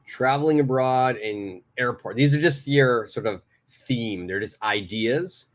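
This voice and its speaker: A man's voice: medium pitch, measured pace. A man teaching a beginner English lesson, praising students and stressing key words as he explains. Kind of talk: live online English lesson.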